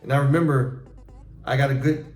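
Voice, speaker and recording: A middle-aged man hosting a casual chat with his son, telling profane, animated stories about his past and acting out how he reacted. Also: medium pitch, brisk. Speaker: show host talking with his son. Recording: echoey room with faint music.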